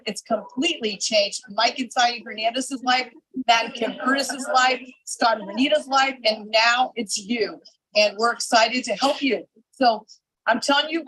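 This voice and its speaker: A woman recording a motivational pep talk in a resort hotel, emphatic and energetic, repeating herself for push. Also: high voice, breathy edge, no room sound, poor audio. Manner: energetic, emphatic, repeats "I'm telling you". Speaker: network marketing team leader. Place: public area of a resort hotel.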